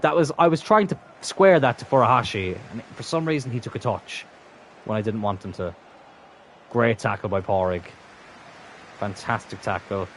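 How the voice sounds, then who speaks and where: A young man commentating his own gameplay live, swearing constantly and swinging from exasperated outbursts to low muttering. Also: normal speed, a little hiss or hum. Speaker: gaming channel host.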